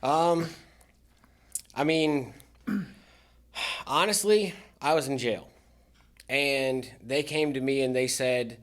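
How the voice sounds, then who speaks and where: A man's voice: mid-range voice, slow, pauses often. A man speaking as a podcast guest, a military veteran talking candidly about his recovery with dry sarcastic humor. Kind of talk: candid casual interview talk.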